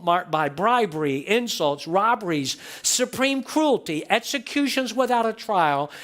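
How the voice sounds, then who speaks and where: High-voiced man preaching a sermon. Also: a bit bright. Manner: storytelling, checks in with the congregation. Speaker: pastor. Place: church sanctuary.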